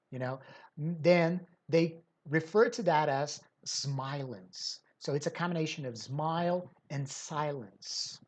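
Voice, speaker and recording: Lady teacher explaining slowly, lowish voice, lots of ums and questions to the class. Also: darkish tone. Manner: explanatory, rhetorical questions, frequent fillers. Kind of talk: lecture on language teaching.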